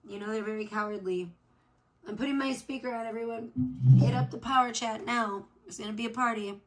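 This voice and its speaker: A woman's voice: fairly high pitch, fairly even intonation, brisk, slight background noise. A woman hosting a casual livestream chat off camera, rambling to her viewers, swearing freely and trailing off with "I don't know.". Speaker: livestream host. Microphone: off camera, not seen.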